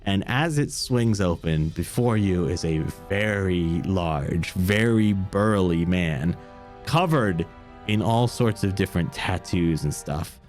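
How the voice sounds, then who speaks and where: A man narrating a tabletop game as game master, in a relaxed, rambling storytelling way. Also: deep voice, slow pace, soft background music.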